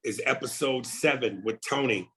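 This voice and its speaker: A comedian guest talking casually in an interview, animated and often repeating words while he thinks. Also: mid-range voice, normal speed, low-quality recording.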